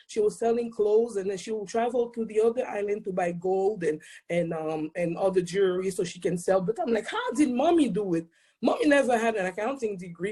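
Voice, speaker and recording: A woman in her forties with a thick Haitian accent, sharing a personal testimony as an invited speaker in an excitable way that is quick to laugh. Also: medium pitch, husky. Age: 40s.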